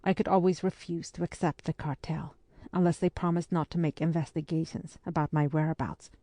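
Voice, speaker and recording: A woman reading the part of an earnest young French officer in an audiobook, speaking softly and with care. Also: deep voice, steady tone, brisk, dry recording.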